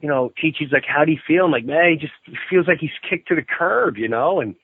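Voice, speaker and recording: A man guesting on a podcast by phone, telling a story in a lively way and acting out the voices of the people he quotes. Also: fairly high pitch, brisk, slightly rough. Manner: animated storyteller who acts out quoted voices. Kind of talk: casual phone interview. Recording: tinny phone line, dry.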